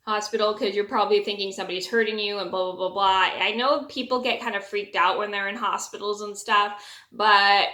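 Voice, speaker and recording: A woman's voice: mid-range voice, steady tone, a little fast, pushed and bright. A young woman telling a personal story in a chatty vlog, with many fillers and restarts. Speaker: vlogger. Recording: echoey room.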